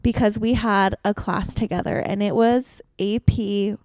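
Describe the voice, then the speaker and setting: A woman's voice: medium pitch, fairly even intonation, unhurried, darkish tone, no echo. A woman in her twenties from Utah co-hosting a podcast in bubbly, giggly casual chat. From Utah, USA. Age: 20s. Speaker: podcast co-host.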